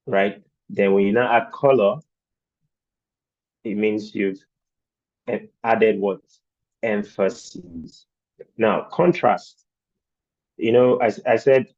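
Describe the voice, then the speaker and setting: A man's voice: on the low side, mellow, no room sound, highs cut off. A man teaching design principles in a virtual training session, explaining patiently and asking rhetorical questions of his class. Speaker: design instructor.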